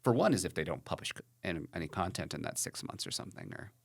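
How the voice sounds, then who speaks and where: A man's voice: deep voice, sing-song, fast, creaky. A man hosting a podcast in casual chat, frank and rambling, full of "like" and "you know".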